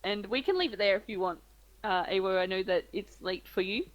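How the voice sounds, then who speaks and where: A woman game master, softly hesitant with many pauses, narrating and wrapping up a stream session. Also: mid-range voice, muffled recording. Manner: soft-spoken, hesitant, many ums. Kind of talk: casual tabletop narration and stream chat.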